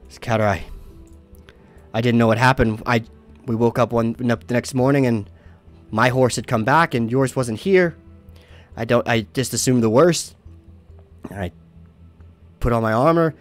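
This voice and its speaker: A man voicing a wounded woman paladin, earnest and halting as she explains herself. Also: medium pitch, steady tone, soft background music, lightly acted. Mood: worried.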